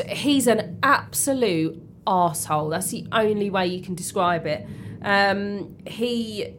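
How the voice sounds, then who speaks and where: A woman's voice: mid-range voice, slight background noise. Chatty woman. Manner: chatty, many ums and restarts, blunt swearing. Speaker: podcast co-host. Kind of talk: casual chat.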